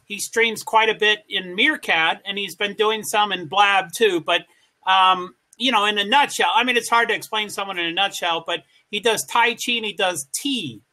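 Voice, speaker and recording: A man's voice: high-pitched, normal speed, pushed and bright. An American man co-hosting a casual live-stream chat, rambling and greeting viewers as they arrive. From United States. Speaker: co-host.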